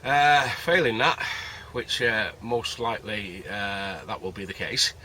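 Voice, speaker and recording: A carp-angling vlogger chats to camera at a winter fishing camp by a lake, rambling and cracking jokes. His voice is on the low side, bright and forceful, at a measured pace, and the outdoor recording is noisy.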